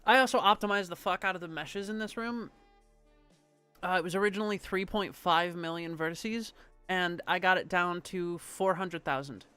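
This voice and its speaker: A woman's voice: fairly low pitch, moderate pace, bright, forceful tone, clear, resonant tone, dry recording, faint music behind. A woman streamer in casual live-stream chat, rambling and chatty, swearing now and then.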